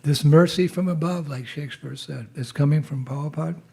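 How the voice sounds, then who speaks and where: A man's voice: a little high, a little fast, vocal fry, dark tone, slightly rough. A man with a cold, speaking as a visiting monk, telling a chatty story to a temple gathering and leading call-and-response cheers. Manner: chatty storyteller with laughs, calls out jai responses. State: has a cold, clearing his throat. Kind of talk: informal talk to a temple gathering.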